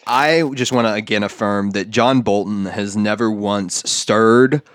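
A man co-hosting a comedy podcast, making sarcastic deadpan jokes in casual chat. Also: fairly low pitch, unhurried, no echo. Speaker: podcast co-host.

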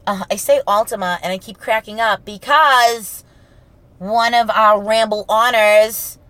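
A woman with a thick Boston accent and a gravelly voice, hosting her own podcast as a brash, profane storyteller in a casual solo monologue. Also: mid-range voice, a little slow, a bit bright, dry recording. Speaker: podcast host.

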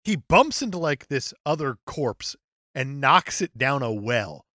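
A man co-hosting a podcast, chatting casually about a movie, animated and joking, laughing often. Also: medium pitch, unhurried, no room sound, studio quality. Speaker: podcast co-host. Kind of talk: casual movie-review chat.

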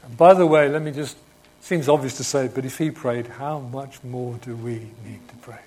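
A man preaching a sermon, swinging between emphatic proclamation and hushed reflection, often asking his listeners rhetorical questions. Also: medium pitch, moderate pace. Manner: asks rhetorical questions of the congregation.

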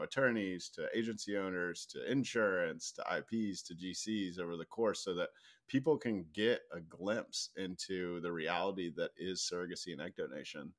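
A man speaking as a guest on a podcast interview, casual and energetic, often restarting his sentences. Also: sits low, a little fast.

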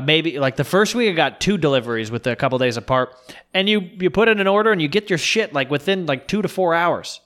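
Slightly high-voiced man hosting casually. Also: sharp tone. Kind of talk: casual chat.

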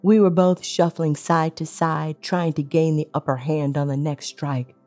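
A woman reads a first-person action story aloud with tense, dramatic delivery. Her voice sits low and mellow, with faint music playing underneath. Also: measured pace, hardly any pauses. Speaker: narrator. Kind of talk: scripted audiobook narration.

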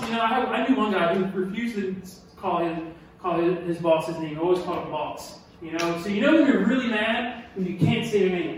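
High-voiced preacher in an echoey hall. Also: male voice, a little fast. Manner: animated, emphatic, repeats key lines, asks the audience questions. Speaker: pastor. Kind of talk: sermon. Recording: echoey hall from far off with faint noise.

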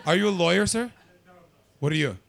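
A man doing a stand-up comedy set and chatting with the crowd, hoarse from losing his voice, loud and sweary, with sudden leaps into a shrieking high register. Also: animated, fairly quick.

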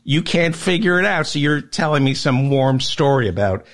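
A man's voice: fairly high pitch, animated, normal speed, fairly bright tone. A man hosting a podcast, running a mock quiz and teasing his guest. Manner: teasing quizmaster. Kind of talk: casual podcast banter.

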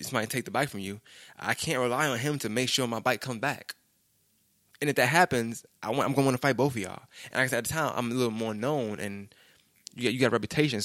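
Fast-talking New man telling stories. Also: on the low side, a bit bright, dry recording, studio quality. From Brooklyn, New York. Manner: rambling, streetwise slang, frequent restarts. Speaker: storyteller. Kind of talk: casual storytelling.

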